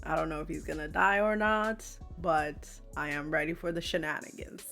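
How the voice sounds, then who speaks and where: A woman's voice: low voice, moderate pace, vocal fry, fairly bright tone, soft background music. A woman hosting a reaction video, talking bluntly and with exasperation, scolding the characters, gasping and laughing as she watches. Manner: gasps and laughs freely. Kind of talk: casual reaction commentary.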